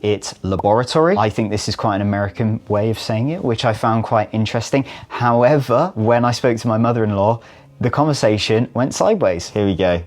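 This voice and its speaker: British guy vlogging, kinda low voice, jokey, jumps way up when he copies how people say stuff. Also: brisk, a little mellow. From United Kingdom. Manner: playful, swings pitch up when mimicking pronunciations. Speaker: vlogger and actor. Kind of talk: casual talk to camera.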